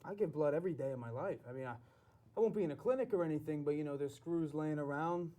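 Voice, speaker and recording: A man's voice: on the high side, fast, dark tone, close to an everyday voice. A man playing a nervous, simple-minded forty-one-year-old mechanic with a New Jersey accent who rambles and repeats himself. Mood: rambling. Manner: rambling, fidgety, repetitive. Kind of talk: comedy sketch acting.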